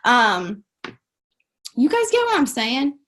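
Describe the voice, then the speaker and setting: A woman's voice: sits high, wildly swooping pitch, slow, a bit bright. A woman coaching her network marketing team over a live stream, upbeat and emphatic, often saying "like" and "guys".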